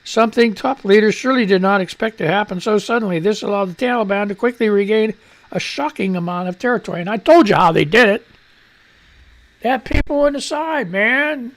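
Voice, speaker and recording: A man with a gravelly, rough-edged voice hosts a live radio show, ranting and swearing between news items. He grumbles at his microphone and drifts on and off it, his level jumping as he moves. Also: high voice, a little fast. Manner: profane, irritable rant, fiddling with the mic. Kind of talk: unscripted live radio talk and news reading. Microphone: studio microphone at shifting distance.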